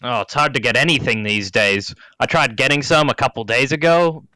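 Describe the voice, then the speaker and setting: A man plays a tabletop role-play game, speaking in character in a gruff, weary tone. His voice is bright and crisp. The sound is dry and close. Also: mid-range voice, fairly quick, no room sound, low-quality recording. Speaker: player.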